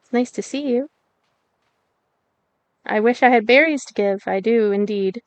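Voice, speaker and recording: A young woman chats through a cozy game in a bubbly, giggly way, cooing at the animals she meets. Her voice sits a little high, and she talks slowly and lingers over her words. The sound is dry and close, with no room echo at all. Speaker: gameplay streamer. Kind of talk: casual let's-play commentary.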